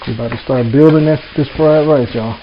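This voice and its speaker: A man's voice: mid-range voice, a little fast, noisy background. A man hosting a casual home cooking vlog, talking folksy and easy to his viewers. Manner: folksy, keeps addressing viewers as "y'all". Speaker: home cook, channel host. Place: home kitchen. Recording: dull lo-fi audio with music bed. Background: background music and sizzling pan.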